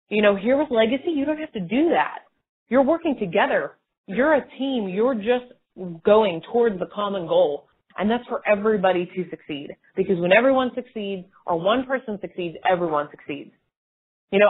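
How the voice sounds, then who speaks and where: Woman sales trainer, upbeat and rambling, slightly husky, heard over a tinny phone line. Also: mid-range voice. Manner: energetic, rambling, casual. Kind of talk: motivational training call.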